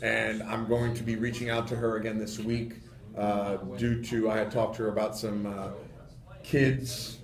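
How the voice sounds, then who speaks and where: A man's voice: fairly low pitch, normal speed, echoey room, crowd noise. A man chatting as a guest in a radio studio, telling fishing stories animatedly with lots of fillers. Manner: animated storyteller, many fillers. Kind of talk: casual radio studio chat.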